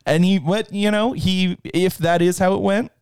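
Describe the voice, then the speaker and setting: A man's voice: sits high, steady tone, normal speed, a little mellow, clean tone, no echo, studio quality. A man co-hosting a casual movie podcast, chatty and laughing often. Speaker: podcast co-host.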